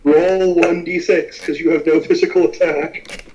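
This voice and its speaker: A man running a tabletop game as game master, casual and quick to laugh. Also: a little high, steady tone, warm tone, muffled recording, a little hiss or hum.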